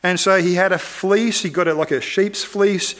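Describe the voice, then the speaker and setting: A man preaching a sermon, retelling a story in a lively, animated way and acting out the characters' lines. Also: high-pitched, moderate pace. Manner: animated, acts out characters' voices.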